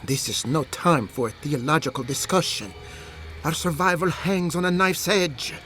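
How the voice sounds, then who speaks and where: A man's voice: a little high, normal speed, a bit bright, soft background music, close to an everyday voice. An actor voicing an earnest, emotional man who argues for his people in a video game.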